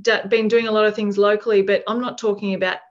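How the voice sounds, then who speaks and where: A woman's voice: medium pitch, little pitch movement, fast talker. A woman hosting a podcast, talking reflectively in a rambling way, full of fillers and restarts. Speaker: podcast host. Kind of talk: casual conversation. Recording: dull lo-fi sound.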